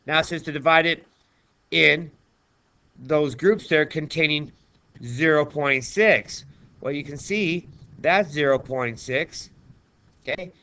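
A man's voice: on the high side, slow, pauses often, bright, forceful tone. A male math teacher talking through a screen-recorded lesson in a chatty, playful way, chatting to himself as he writes.

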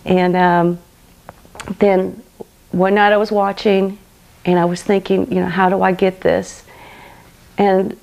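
A woman's voice: mid-range voice, gravelly, darkish tone, poor audio. A middle-aged woman telling her personal faith testimony in an earnest, emotional way, often saying "you know". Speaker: guest sharing her testimony.

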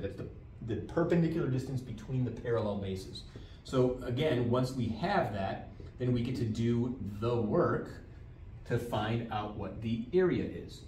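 A man's voice: medium pitch, a little mellow. Male math teacher, distant and roomy. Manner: repetitive, drilling key terms, frequent "all right?" check-ins. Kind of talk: classroom lecture. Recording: roomy, distant from mic, faint background noise.

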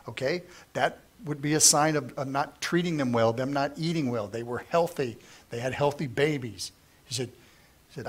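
A middle-aged man teaching through the Bible verse by verse, reading scripture aloud and then retelling it in plain, lively everyday talk. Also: medium pitch, normal speed.

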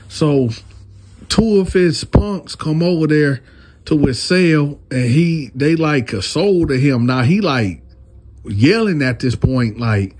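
A man hosting a casual storytime, retelling in an animated, slangy way. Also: medium pitch, a little slow. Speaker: storyteller, channel host.

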